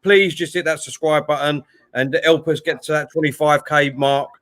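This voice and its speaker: A man's voice: a little high, fairly even intonation, normal speed, a bit bright. Man reading out live chat comments. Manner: reads out chat messages, pushes subscribers. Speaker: co-host of a live match watchalong.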